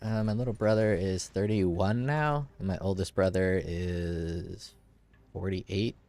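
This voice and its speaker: A man's voice: low voice, steady tone, slow pace, a little mellow. A man in his forties, stuffed up and nasal, chatting casually and edgily while streaming a game, swearing now and then. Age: 40s. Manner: youthful, edgy, swears casually. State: congested nose.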